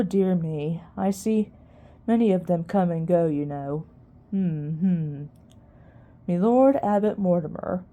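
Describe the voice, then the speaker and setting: A woman voicing an ancient, wise old male mouse archivist who mutters in a squeaky near-whisper. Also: mellow. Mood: muttering.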